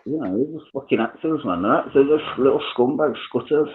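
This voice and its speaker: A man chatting excitedly on a live panel, restarting his sentences and swearing. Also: medium pitch, quick pace, slight background noise. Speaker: panel guest. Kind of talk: casual live panel chat. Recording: tinny phone-line audio.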